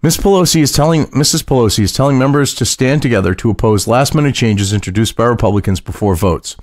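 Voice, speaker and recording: A man's voice: medium pitch, dry recording, clean studio sound. A man hosting casual political commentary, mocking and profane, reading news aloud and reacting to it. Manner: mocking, profane, laughs at his own jokes.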